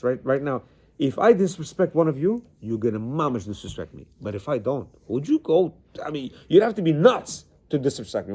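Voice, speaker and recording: A man with a voice on the high side teaches a class to a room of men. His manner is animated and conversational, and he often repeats words as he goes. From Central Asia, Bukharan Jewish family. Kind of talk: lecture with stories. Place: classroom with a small group of men.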